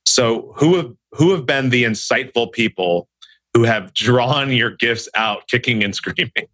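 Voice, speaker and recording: A man's voice: mid-range voice, measured pace, fairly bright tone, no room sound. A man hosting a podcast interview, asking thoughtful questions. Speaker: podcast host.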